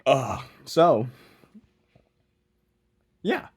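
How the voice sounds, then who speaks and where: A young adult male vlogger rambles casually to camera while working on a project, mumbling, putting himself down, and often trailing off before starting over. His husky voice sits at medium pitch, swooping wildly up and down, and he speaks extremely slowly.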